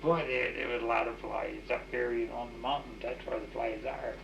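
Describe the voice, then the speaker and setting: A man's voice: medium pitch, steady tone, brisk, vocal fry, background noise. An older man telling rambling, folksy stories in an oral history interview, full of restarts and "you know". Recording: echoey, dull 1989 tape recording.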